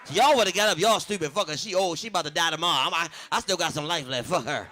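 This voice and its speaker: A man's voice: on the high side, fast, bright, forceful tone, a little hiss or hum. A man from Baltimore doing a profane stand-up comedy set, brash and laughing at his own jokes.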